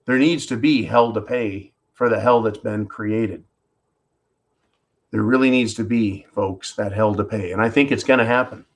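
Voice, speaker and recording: Blunt, profane ranting man. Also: on the low side. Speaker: livestream host. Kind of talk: ranting political commentary.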